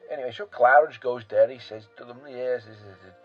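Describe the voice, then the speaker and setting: A man's voice: mid-range voice, brisk, lo-fi sound, soft background music, natural voice. A man playing a rambling, boastful European man who pokes fun at himself, in a comic character monologue full of fillers and asides.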